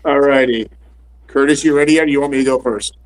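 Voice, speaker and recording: A man's voice: medium pitch, steady tone, fast talker, poor audio. A man hosting a casual podcast chat, laughing and handing turns to the others. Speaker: podcast host.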